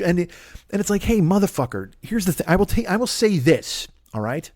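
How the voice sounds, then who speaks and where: A comedian in his forties hosting his own show launches into a profane comedic rant full of heavy swearing and mocking voices. His voice is on the high side with a darkish tone, animated and at a moderate pace. The recording is dry and studio quality.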